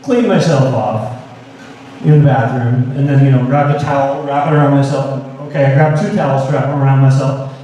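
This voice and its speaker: A man's voice: medium pitch, normal speed. A middle-aged man from Seattle doing a stand-up set, rambling and correcting himself with many fillers, with wry self-mocking humor. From Seattle, US Pacific Northwest. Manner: wry, deadpan self-mockery. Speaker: stand-up comedian. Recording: echoey live room, mic from a distance.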